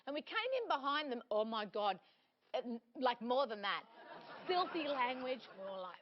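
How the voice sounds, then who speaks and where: An Australian woman in her forties, a comedic guest telling animated, laughing anecdotes on a TV panel show. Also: a little high, normal speed, a faint crowd, a little hiss or hum. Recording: dull lo-fi TV audio.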